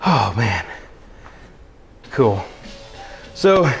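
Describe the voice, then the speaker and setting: A man's voice: a little high, expressive, measured pace, soft background music. A young man hosting a casual cooking livestream, joking and chatting with his viewers as he cooks. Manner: playful, joking, talks to chat viewers.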